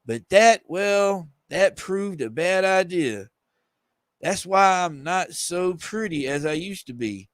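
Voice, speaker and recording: A man's voice: high-pitched, lively intonation, slow pace, no echo. A man reading aloud the lines of a menacing male villain who taunts a young heroine. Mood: taunting. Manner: reading aloud from a comic page.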